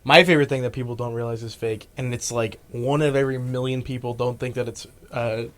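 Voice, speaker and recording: A man's voice: medium pitch, fairly even intonation, a little fast, a bit bright. A man in casual gaming chat, speaking in a dry, understated way.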